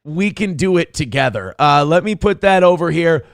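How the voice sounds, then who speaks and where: A man's voice: on the high side, animated, normal speed, vocal fry, no echo, clean studio sound. A man hosting a morning livestream show in casual, profane, jokey chat, reading out viewer comments.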